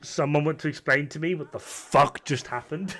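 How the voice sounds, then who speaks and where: A man's voice: a little high, normal speed, fairly bright tone. Rowdy tipsy man streaming. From United Kingdom. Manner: rowdy, swearing, self-mocking banter. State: tipsy from whiskey. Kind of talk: casual stream chat. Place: home room, camera off.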